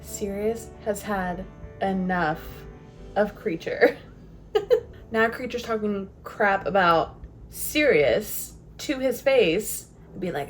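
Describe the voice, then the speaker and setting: A woman's voice: mid-range voice, slow pace, faint music behind. A young woman vlogging casually about a book she is reading, chatty and self-mocking, often laughing. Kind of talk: casual chat to camera.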